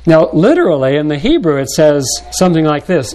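An older man, a pastor, delivering a measured sermon to his congregation and pausing now and then to clear his throat. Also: on the high side, expressive, a little mellow.

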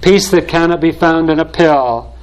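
A man preaching a sermon in a slow, deliberate way, building solemn repeated phrases. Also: on the high side, low-quality recording.

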